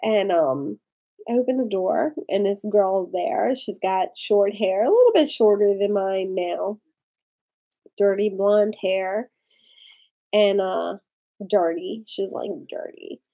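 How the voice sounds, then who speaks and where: Slow, gravelly, tipsy tearful woman. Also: mid-range voice, expressive, warm tone, poor audio. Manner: rambling, halting, with frequent fillers and swearing. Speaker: vlogger. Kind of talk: casual confessional storytelling.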